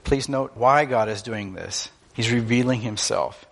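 A man's voice: medium pitch, unhurried, gravelly. A man preaching a sermon in an earnest, emphatic way, teaching through stories and illustrations.

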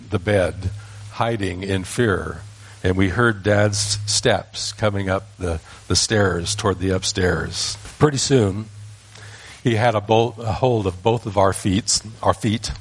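An older man with a lowish voice tells a family story from his boyhood. He speaks in a folksy, unhurried way and sometimes pauses to correct himself mid-sentence. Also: husky. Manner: folksy, unhurried, with small restarts. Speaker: grandfather telling a family story. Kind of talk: personal storytelling.

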